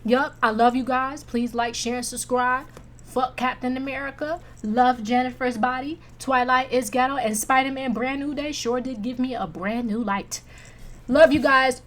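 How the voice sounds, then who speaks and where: A woman reviewing movies in a casual chat, blunt, profane and animated as she rants. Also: high-pitched, normal speed.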